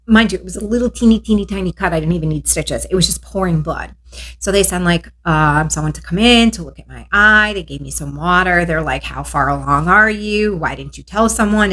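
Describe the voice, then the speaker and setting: A woman in her thirties telling her own story in a casual vlog, acting out what others said. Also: on the low side. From New York State. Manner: animated retelling that acts out the other voices.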